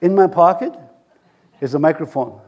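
A male pastor telling a story in a sermon, lively and anecdotal, chuckling at his own jokes. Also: a little high, moderate pace.

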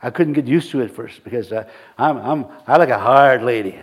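A middle-aged man preaching a sermon in a halting, folksy way, full of fillers and restarts, with chuckling asides. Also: medium pitch, husky. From reservation community. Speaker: pastor.

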